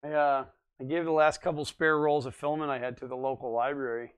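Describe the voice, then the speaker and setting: A man's voice: mid-range voice, flat delivery, fast, smooth. A man in his forties hosting a casual live stream, rambling and chatting as he answers viewers' comments. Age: 40s. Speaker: livestream host.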